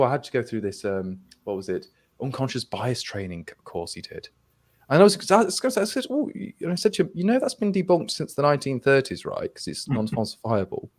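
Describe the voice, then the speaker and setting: Telling a wry story over a video call, a young Englishman chats casually in an English accent with a lowish, darkish voice. He restarts frequently and acts out quoted back-and-forth.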